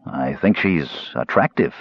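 A man's voice: rumbling low, animated, unhurried, slightly rough, no room sound, highs cut off, voice pushed down, heavily acted. A man voicing a big, simple-hearted young male warrior in an audiobook, plain and earnest, a bit defensive. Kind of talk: audiobook character voice.

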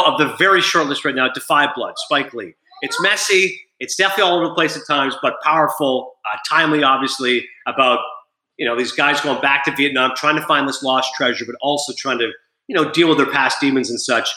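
Canadian-raised sports talk guest, rapid delivery, bright tone, roomy echo. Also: male voice, medium pitch. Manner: animated storyteller, acts out quotes. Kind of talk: casual chat.

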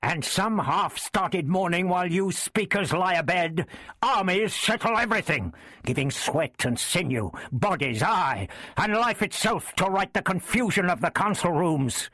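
A man voicing a fierce, hot-headed crusader earl who talks in a loud, scornful, emphatic way. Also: high voice, lively intonation, unhurried, dry recording, clean studio sound, voice pushed up, full character voice. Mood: sneering.

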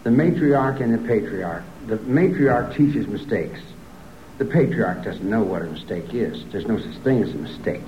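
A man's voice: lively intonation, normal speed, mellow, reverberant, slight background noise. Rambling man on a dull archive tape. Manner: rambling, repeats himself, climbs to a high agitated pitch. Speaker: interviewee. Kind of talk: rambling recorded interview.

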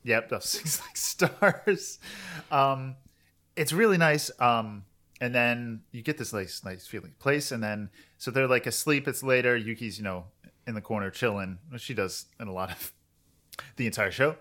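A podcast co-host with a medium-pitched voice and an unhurried pace retells an anime episode in casual, rambling chat. He tells it animatedly, quoting the characters in their voices.

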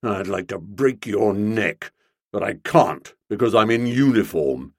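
A man doing a gruff, brooding young copper. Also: fairly low pitch, lively intonation, a little slow, no echo, clean studio sound, voice pushed down. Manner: blunt, brooding, grudging. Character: gruff young male policeman, resentful and menacing. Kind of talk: audiobook character voice.

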